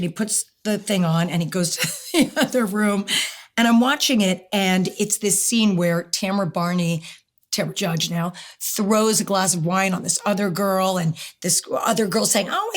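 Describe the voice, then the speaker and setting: A middle-aged woman telling a personal story as an interview guest, lively and quick to act out what people said. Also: mid-range voice. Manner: animated storyteller, acts out quotes.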